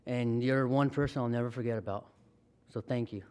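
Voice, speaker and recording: A man's voice: mid-range voice, steady tone, fairly quick, a little mellow, clear, resonant tone. A man in his thirties giving a heartfelt, emotional acceptance speech as a hall of fame inductee.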